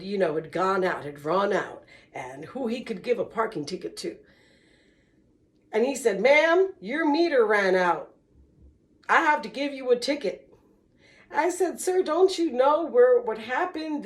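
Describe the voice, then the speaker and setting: A woman slowly telling a personal story in an earnest, testimonial way, breaking into small religious exclamations. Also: medium pitch.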